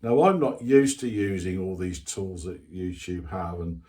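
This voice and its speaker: A low-pitched, somewhat mellow older man speaks at a measured pace while hosting his hobby channel. He chats informally, reading viewer comments and drifting into self-mocking digressions.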